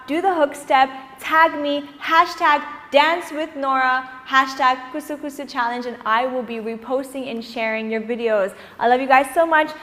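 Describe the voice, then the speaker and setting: A young woman teaching a dance tutorial, energetic and encouraging, counting the beats aloud in a dance studio. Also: high voice, normal speed, hardly any pauses, big-room sound. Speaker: dance instructor.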